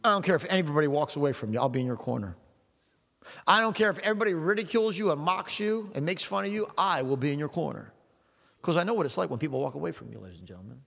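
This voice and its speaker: A man's voice: on the high side, gravelly, a bit bright. A male preacher delivering a sermon with an emphatic, repetitive preaching cadence. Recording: long hall reverb.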